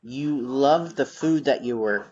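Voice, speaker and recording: A man's voice: medium pitch, takes it slowly, darkish tone, husky, muffled recording. A man interviewing a guest in casual chat, prompting with short questions.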